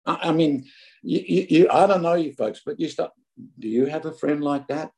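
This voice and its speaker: A man's voice: on the high side, moderate pace, a little mellow, low-quality recording. A middle-aged Australian man preaching a sermon in a conversational, anecdotal way, often stumbling and restarting words.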